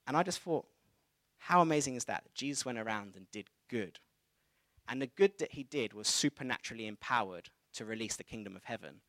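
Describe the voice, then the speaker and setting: A man delivers a sermon, weaving in a personal anecdote with a lively, chatty manner. His voice sits at an ordinary middle pitch. The sound is close and dry, with no room echo. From England. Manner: conversational storytelling, animated retelling of dialogue. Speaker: preacher.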